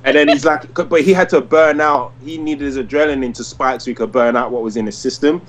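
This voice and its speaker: A man in his thirties co-hosting a casual podcast. He tells long, winding stories packed with "like" and restarts. His pitch sits in an ordinary middle range. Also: fairly even intonation, a little fast. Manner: rambling storyteller, heavy use of "like". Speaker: podcast co-host. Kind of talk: casual chat.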